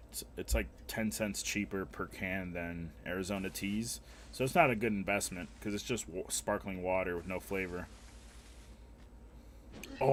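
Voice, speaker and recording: A man's voice: fairly low pitch, a bit bright, a little hiss or hum. A young man streaming a game, chatting casually with viewers in a rambling, profane, opinionated way. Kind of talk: casual live-stream chat while gaming.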